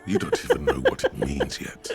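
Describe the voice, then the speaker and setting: A man voicing a dry, calm inner-voice narrator in a game, speaking in a measured, gravelly way. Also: faint music behind. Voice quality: deep and gravelly.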